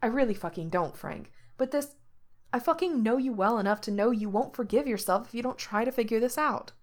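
A woman voicing a gentle young man who picks his words carefully and speaks in a soothing, measured way, in a read-aloud story. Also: a little high, lively intonation, pitched above the performer's own voice, close to an everyday voice. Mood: firm.

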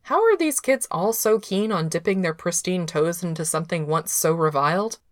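A woman voicing a playful, quick-witted young male cultivator who talks with bright, incredulous energy. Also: on the low side, animated, no echo, clean studio sound, natural voice. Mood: questioning.

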